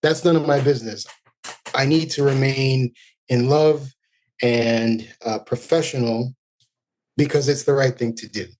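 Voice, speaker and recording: Male educator guest, thoughtful and earnest, relaxed interview talk. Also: medium pitch, a little slow. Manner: reflective, earnest, speaks in long thoughtful runs. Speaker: violinist and music educator, podcast guest. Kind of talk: casual interview chat.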